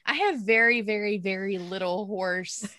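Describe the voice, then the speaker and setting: A woman's voice: medium pitch, moderate pace, bright, forceful tone, no echo, clean studio sound. A woman from Mississippi in casual chat, hesitant and self-deprecating.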